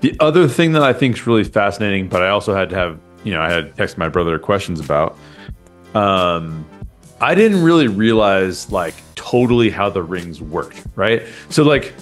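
A man with a fairly low voice talks in an easygoing, rambling way as a co-host, piling on fillers and restarts. He speaks into a desk microphone, with soft music underneath. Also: very animated, normal speed. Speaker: podcast co-host. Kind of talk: casual chat. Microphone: desk microphone after switching from a headset mic.

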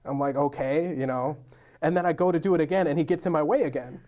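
A young man, a novelist guest on a talk show, telling stories in a lively way and acting out the quotes. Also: on the high side, quick pace. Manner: animated storyteller, acts out quotes. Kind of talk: casual talk show chat.

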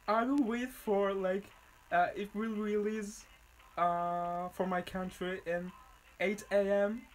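A reaction video host with an Arabic accent and Arabic as a native language, gushing about a song in halting English full of fillers. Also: mid-range voice, fairly even intonation, faint music behind, low-quality recording. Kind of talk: excited music reaction vlog.

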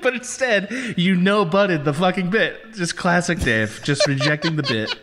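A man's voice: high-pitched, lively intonation, normal speed, in a large hall, very noisy. A man co-hosting a podcast in casual chat, playful and bantering, often laughing. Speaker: podcast co-host.

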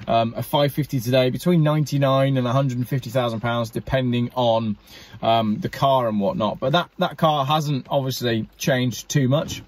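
Husky chatty man. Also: medium pitch, fairly even intonation, normal speed. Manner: chatty, enthusiastic, speaks directly to viewers. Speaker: car channel host. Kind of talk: casual talk to camera.

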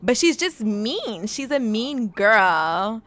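A woman's voice: a little high, big pitch swings, slow pace, a bit bright, slight background noise. A young woman hosting a let's play, giving casual, teasing commentary as she plays and laughing often.

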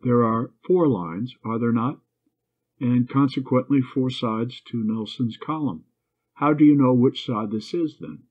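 A proud, self-willed schoolgirl from an old storybook, voiced by a man reading aloud. The voice sits higher than his own and stays husky. The sound is narrow and tinny, like a phone line. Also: lightly acted. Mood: willful. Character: proud, willful young schoolgirl lost in fog.

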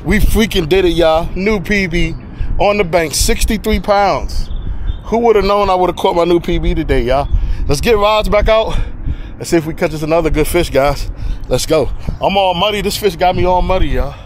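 Brief: high-pitched man, breathless, excitable outdoor vlogger, faint noise behind. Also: moderate pace. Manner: excitable, shouting exclamations, talks to viewers as "y'all" and "guys". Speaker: fishing vlogger. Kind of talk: excited outdoor vlog commentary. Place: outdoors on a riverbank.

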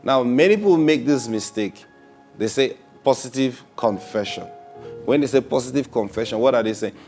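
A man preaching a sermon in a middle-pitched voice. He stretches out key words and doubles back on phrases for emphasis. Faint guitar music plays behind him. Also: animated, a little mellow. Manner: drawn-out emphatic phrasing with repetitions.

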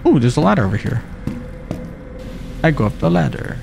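A young man playing a video game live, chatting and joking with his viewers and reacting loudly to what happens on screen. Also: medium pitch, sing-song, a little fast, gravelly, background noise. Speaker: streamer. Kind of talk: let's play commentary.

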